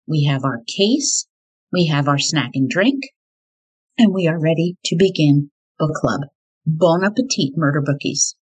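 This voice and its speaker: Low husky woman narrating true crime. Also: low-quality recording. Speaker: podcast host.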